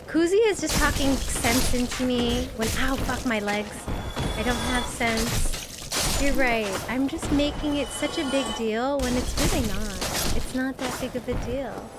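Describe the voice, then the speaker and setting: A woman's voice: high voice, unhurried, over loud music. A woman streaming a game live, panicking and laughing as she talks to her chat. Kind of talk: live gameplay commentary.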